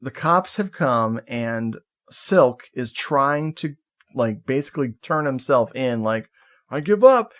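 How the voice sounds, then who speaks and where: A man co-hosting a podcast over a video call, recapping a film in a relaxed, laughing way and slipping into quick quoted voices. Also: mid-range voice. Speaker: podcast co-host. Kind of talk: casual movie recap chat.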